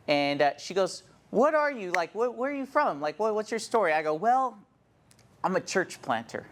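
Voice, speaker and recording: A man's voice: fairly high pitch, fairly bright tone. A man in his thirties, a church planter, telling a heartfelt personal testimony in an earnest storytelling manner.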